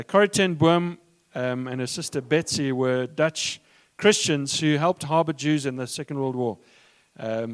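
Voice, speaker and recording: A man preaching a sermon in a conversational manner, pausing with fillers and restarts. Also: medium pitch. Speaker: pastor.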